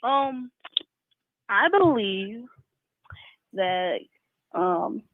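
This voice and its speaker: A woman's voice: medium pitch, animated, extremely slow, dry recording. A woman calling in to a radio show, speaking hesitantly with fillers. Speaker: caller. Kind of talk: phone-in comment. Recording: tinny phone line.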